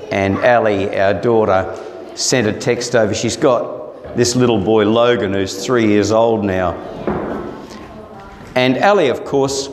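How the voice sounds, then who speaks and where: A middle-aged man with an Australian accent, preaching a sermon in a conversational, storytelling way. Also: mid-range voice. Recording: roomy hall with long reverb.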